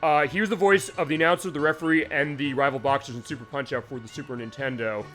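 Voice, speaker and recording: A man's voice: on the high side, fairly even intonation, quick pace, fairly bright tone, faint music behind. A man hosting a game stream, chatting casually and rambling with many fillers while he plays. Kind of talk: casual let's-play commentary.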